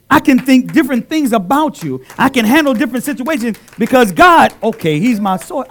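A man preaching a sermon in a church into a handheld mic, calling out to the congregation and swinging between loud exclamations and soft asides. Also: very high voice, very animated, moderate pace.

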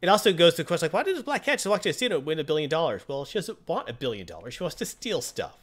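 A man chatting casually as a podcast host, recapping a comic book in an animated way with frequent fillers. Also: a little high, racing.

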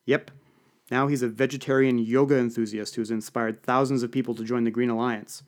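A man's voice: medium pitch, steady tone, a little fast, lightly acted. A man doing a gossipy woman lobbyist. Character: woman lobbyist party host, knowing and chatty.

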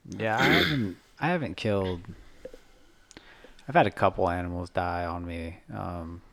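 A young man with a very low, gravelly voice co-hosting a casual podcast. He talks hesitantly, pausing often with ums and uhs as he gathers his thoughts. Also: fairly bright tone. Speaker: podcast co-host. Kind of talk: casual chat.

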